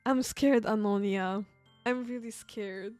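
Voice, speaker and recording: A woman reading the lines of a sweet, sad teenage girl from a game in a soft, plain voice. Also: mid-range voice, slow, smooth, dry recording, soft background music, close to an everyday voice.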